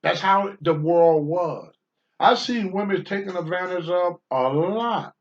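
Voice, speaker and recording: A high-pitched, unhurried older man, once a professional wrestler, tells stories on a talk show. He's blunt and uses profanity, and the sound quality is dull and lo-fi.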